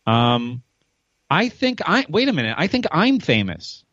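A man's voice: a little high, huge pitch swings, measured pace, a bit bright, no room sound, highs cut off. A man as a podcast guest in casual chat, playfully boastful and mock self-important.

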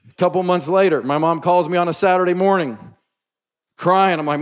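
A man's voice: high-pitched, a little fast. A man preaching a sermon, telling a personal story in an earnest, emphatic, conversational way. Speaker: pastor. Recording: long reverb from a large hall.

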